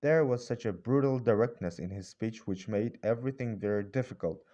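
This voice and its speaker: A man narrating a classic novel as an audiobook in measured storytelling. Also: lowish voice, mellow, muffled recording. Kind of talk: scripted narration.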